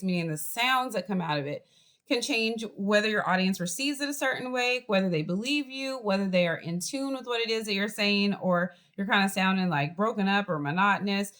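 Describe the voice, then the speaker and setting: A woman's voice: medium pitch, brisk. Boston-accented woman lecturing on a video call. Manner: lively, chatty teaching with acted example voices. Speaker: college professor. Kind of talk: online class lecture.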